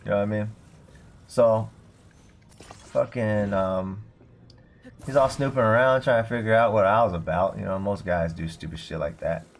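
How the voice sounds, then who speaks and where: A young man with a lowish voice streams a game and tells a long, rambling story at a moderate pace, leaving long pauses. He's a streamer and bartender, and his casual storytelling is packed with swearing and filler words.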